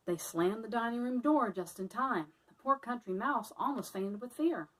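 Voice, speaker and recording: A woman teacher reading a picture book aloud to children in a friendly, expressive way. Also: a little high, moderate pace, recorded from a distance, poor audio.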